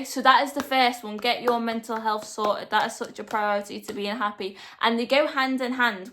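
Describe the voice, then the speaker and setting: A woman's voice: on the high side, fairly bright tone. A young woman talking straight to her viewers in a motivational vlog, earnest and direct, hammering points home by repeating them. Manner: earnest, direct, emphatic repetition. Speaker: vlogger. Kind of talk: motivational talk to camera.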